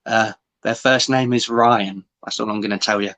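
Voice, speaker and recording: A man's voice: fairly low pitch, fairly even intonation, moderate pace, pushed and bright. Upbeat man hosting a podcast. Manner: upbeat, thanks guests, lots of ums. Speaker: podcast host. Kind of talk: casual live-stream chat. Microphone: video call.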